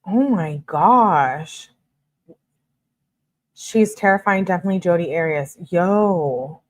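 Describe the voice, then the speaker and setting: A woman's voice: fairly low pitch, slow pace. A young woman reading text messages aloud and adding her own shocked commentary, like a true crime commentator. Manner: reads messages flatly, reacts with shocked asides.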